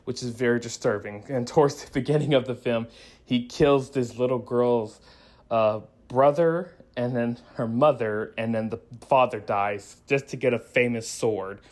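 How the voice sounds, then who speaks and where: A man with a medium-pitched, slightly mellow voice gives a casual spoiler review of a movie at a moderate pace. He rambles through the plot, restarting often, laughing and acting out quoted lines.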